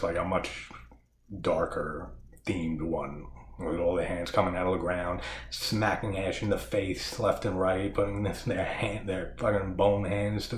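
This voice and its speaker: A man with a very low voice chats loosely about a movie he loves, laughing often and restarting his sentences. He now and then acts out lines in raised, jokey voices. The sound is roomy, with a faint hiss underneath. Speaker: horror movie channel host. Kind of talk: casual film discussion.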